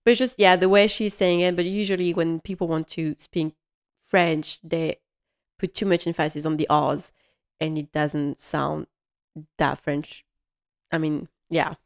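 A woman's voice: deep voice, steady tone, measured pace. Chatty woman hosting a fan podcast. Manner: rambling and chatty, with frequent ums and restarts. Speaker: podcast host. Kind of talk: casual solo podcast chat.

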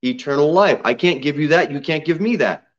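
A man preaching a sermon in a church, reading scripture aloud and building to emphatic, loud, high peaks. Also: lively intonation, a little fast. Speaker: pastor. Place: church sanctuary. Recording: slightly dull church recording.

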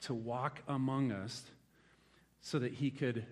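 A man in his forties preaching a sermon to a congregation, telling a lively story from his rural youth and then growing quiet and reflective. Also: mid-range voice, slow pace. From rural United States. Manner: animated storytelling, swings from loud exclaims to hushed reflection. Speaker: pastor. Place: church hall before a congregation.

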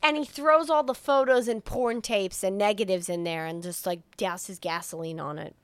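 A young woman, co-hosting a podcast and retelling a film plot in a casual, profane, animated way, often slipping into quoted voices. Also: mid-range voice, moderate pace, clear, resonant tone. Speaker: podcast co-host. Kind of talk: casual movie recap.

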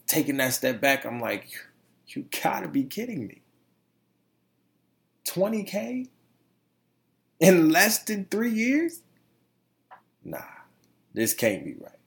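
A man's voice: medium pitch, gravelly. A male podcast host talking solo, emotional and grateful, stumbling and repeating words as he goes.

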